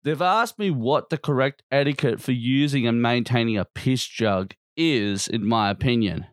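A man's voice: medium pitch, normal speed, no room sound, studio quality. A man hosting a podcast, ranting in a casual, blunt and constantly profane way. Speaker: podcast host.

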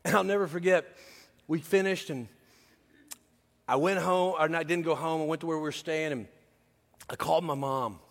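High-voiced preacher in a reverberant hall. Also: male voice, normal speed, gravelly, pauses often. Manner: humorous, confiding storyteller turning to earnest exhortation. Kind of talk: sermon with personal storytelling.

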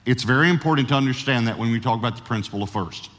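A man preaching a sermon as pastor, who slows down to stress key words and often restarts his sentences. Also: mid-range voice, fairly bright tone. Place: large church. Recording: church sanctuary reverb.

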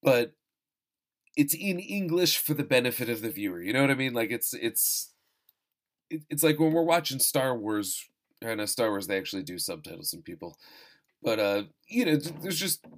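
A man's voice: mid-range voice, big pitch swings, normal speed. A man hosting a casual film-review talk, rambling and self-deprecating, with profane asides and frequent restarts. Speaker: podcast host reviewing films. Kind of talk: casual chat.

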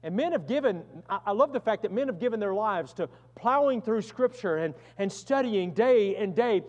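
Male pastor, high voice, earnest sermon delivery with loud and hushed swings, long hall reverb. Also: animated, normal speed, lo-fi sound.

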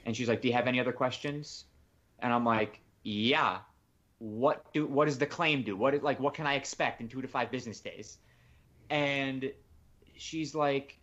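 A man co-hosting a casual podcast, rambling through a long story and acting out the phone calls he made. His voice sits at an ordinary middle pitch. The recording sounds somewhat dull and lo-fi. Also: normal speed, fairly bright tone. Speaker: podcast co-host. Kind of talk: casual chat.

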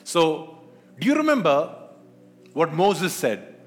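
A man's voice: on the high side, very animated, slow pace. A man preaching a sermon as pastor, asking questions of the congregation. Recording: long hall reverb.

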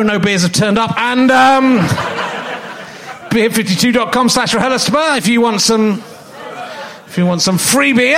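A man's voice: high-pitched, fairly bright tone. A man with an English accent hosting a comedy podcast live on a theatre stage, rambling and mocking himself in a sarcastic, joking way. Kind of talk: live stand-up style podcast intro.

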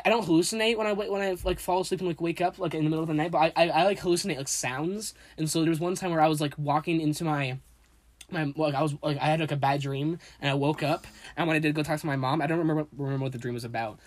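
A man's voice: fairly high pitch, steady tone, quick pace, dry recording. A teenage boy in casual group chat, stammering and repeating words as he asks questions and tells stories.

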